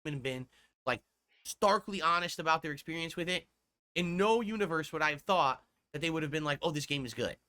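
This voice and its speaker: A man's voice: on the high side, a little fast, bright, forceful tone. A man talking to his stream audience in a sarcastic, lecturing way.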